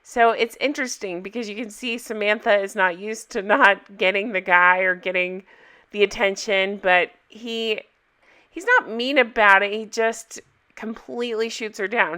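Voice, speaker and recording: A young woman recapping a TV episode in a casual, chatty vlog, enthusiastic and quoting lines in lively voices. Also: medium pitch.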